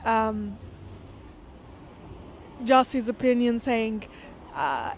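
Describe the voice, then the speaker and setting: A woman reading a classic text aloud and pausing to explain it. She speaks in an earnest, thoughtful way. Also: fairly high pitch, very animated, slight background noise. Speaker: literature lecturer. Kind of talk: reading aloud with close-reading commentary.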